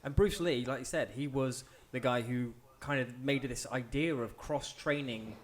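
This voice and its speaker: A British man making a quick, argumentative point in a podcast discussion. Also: mid-range voice, a little hiss or hum. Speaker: podcast co-host.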